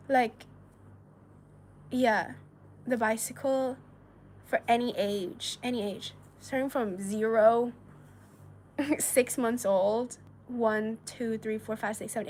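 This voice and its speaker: A woman's voice: fairly high pitch, a little slow, a little hiss or hum. A woman from China hosting a casual livestream, reading viewer messages aloud in a chatty, giggly way with lots of filler words. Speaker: livestream host.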